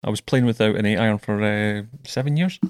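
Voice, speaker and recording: A man's voice: on the low side, brisk, clear, resonant tone, no room sound, studio quality. A man hosting a podcast, telling stories in a chatty way and often stumbling over his words. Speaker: podcast host. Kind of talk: casual chat.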